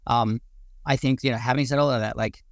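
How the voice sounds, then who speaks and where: A man's voice: mid-range voice, fairly even intonation, fairly quick, no echo. Impassioned Australian man ranting. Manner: impassioned, rambling rant with casual swearing. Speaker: guest speaker. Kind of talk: casual live audio-room discussion.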